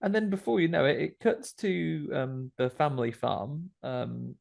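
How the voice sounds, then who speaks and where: A man's voice: a little high, unhurried, creaky, a little mellow. A British man co-hosting a podcast, recapping a film in a wry, slangy casual chat. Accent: British English. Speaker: podcast co-host.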